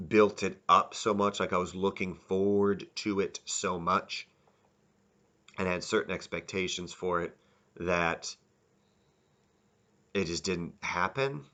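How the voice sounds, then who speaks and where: A man's voice: low voice, bright, forceful tone. A man giving a casual, rambling spoken review, often restarting and correcting himself. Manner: rambling, self-correcting, candid. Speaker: video reviewer.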